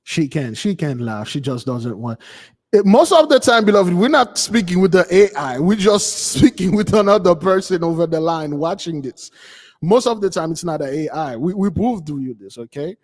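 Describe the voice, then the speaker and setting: Speaking on the high side with lively intonation and a moderate pace, a man chats casually on his spiritual channel, addressing listeners as beloved. A long reverb tail trails his words, which he often repeats, stammers over and restarts.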